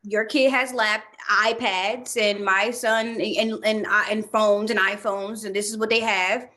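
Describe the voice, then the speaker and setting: A woman's voice: medium pitch, steady tone, measured pace, sharp tone. A woman co-hosting a podcast in casual chat, speaking earnestly and thinking aloud as she goes. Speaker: podcast co-host.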